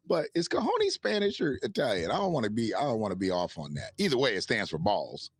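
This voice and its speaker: A man's voice: mid-range voice, wildly swooping pitch, fast, few pauses, breathy edge, no room sound. A man hosting a livestream in casual commentary, rambling and swearing, laughing often and reading out chat messages. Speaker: livestream host.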